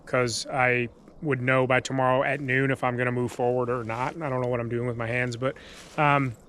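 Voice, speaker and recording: A man films a casual camping vlog, first outdoors in a wooded lot and later from inside his truck, rambling with lots of fillers until he turns hushed and frightened. His mid-range voice is level and normally paced, with slight background noise.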